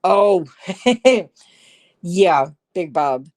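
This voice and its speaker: Slow-talking woman with a dry, close sound. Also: lowish voice, animated, darkish tone, no echo. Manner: chatty, laughs often, sarcastic asides. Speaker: livestream host. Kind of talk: casual live-stream chat. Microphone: phone microphone.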